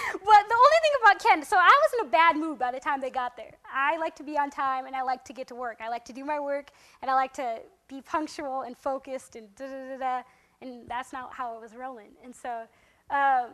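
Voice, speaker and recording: A young woman with a high voice tells a personal story to a group in a relaxed, chatty way. She fills it with ums and laughs. She jumps into playful quoted voices as she goes. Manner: animated, acts out quotes in a raised voice, laughs often. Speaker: speaker sharing a testimony. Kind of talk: casual storytelling talk.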